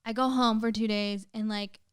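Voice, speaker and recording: A young woman on a podcast talks casually and emotionally about a painful personal experience, peppering it with "like" and some swearing. Her mid-range voice is steady and clean at normal speed, captured with no echo in clean studio sound.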